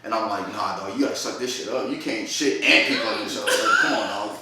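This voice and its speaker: A man hosting a casual podcast, telling an embarrassing story in an animated, slangy way with lots of laughter. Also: fairly low pitch, fairly quick, heavy background noise. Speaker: podcast host. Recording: echoey room, distant mic.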